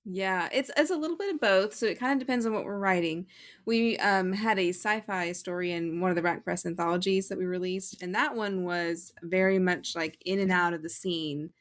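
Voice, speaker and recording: A woman's voice: on the low side, moderate pace. A woman in her thirties, a co-author guest in a casual interview, explaining her writing process in an easygoing way.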